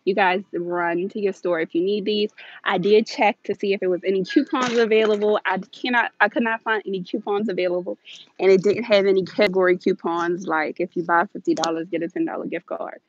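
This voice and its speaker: A woman hosting a live shopping stream inside a large store, filming on a handheld phone and talking fast and chatty to her viewers while a little out of breath. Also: mid-range voice, steady tone, no room sound. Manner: chatty, hurried, addresses viewers directly. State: slightly out of breath. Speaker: deal-hunting vlog host. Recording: dull phone audio.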